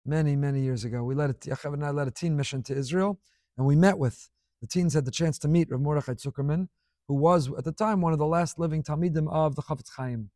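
A middle-aged man delivers an impassioned sermon, voice rising and falling sharply in loudness. His voice sits somewhat high for a man. The recording is dry and close. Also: fast, dry recording. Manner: impassioned, dramatic swings in volume. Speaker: rabbi.

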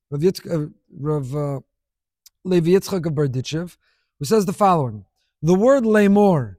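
Guy rabbi teaching torah, high voice, dry close sound, really leans on repeating himself. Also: a little mellow, no echo. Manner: emphatic, piles up repeated phrases. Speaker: rabbi teaching a weekly class. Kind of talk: Torah lesson.

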